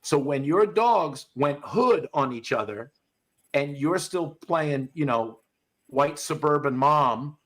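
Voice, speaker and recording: A man hosting a podcast, talking in a blunt, profane, animated way as he tells stories in casual chat. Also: fairly high pitch, takes it slowly. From US South. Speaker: podcast host, dog trainer.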